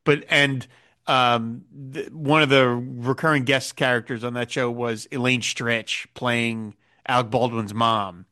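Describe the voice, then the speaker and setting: A man hosting a podcast discussion, animated, laughing often and acting out quoted lines. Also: medium pitch, takes it slowly. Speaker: podcast host.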